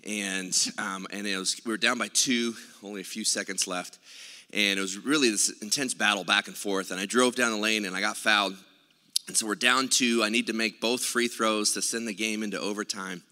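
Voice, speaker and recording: A man's voice: lowish voice, fairly even intonation, a little fast, pushed and bright. A man preaching a sermon as pastor, telling a story in a conversational way with many filler sounds. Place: church sanctuary. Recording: reverberant church hall.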